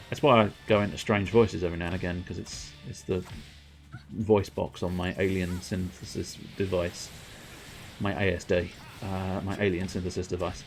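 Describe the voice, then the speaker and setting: A man's voice: deep voice, level tone, moderate pace, faint music behind. A man streaming a game, rambling through self-mocking, sweary commentary at his desk mic. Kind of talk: casual gameplay commentary.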